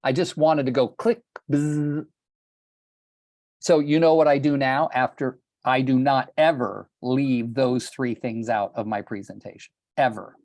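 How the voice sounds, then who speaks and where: A man's voice: mid-range voice, fairly even intonation, slow pace, darkish tone, dry recording, clean studio sound. Blunt older man coaching on a call. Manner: blunt, passionate, swears casually. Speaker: real estate coach. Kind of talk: group coaching call, storytelling. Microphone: video call.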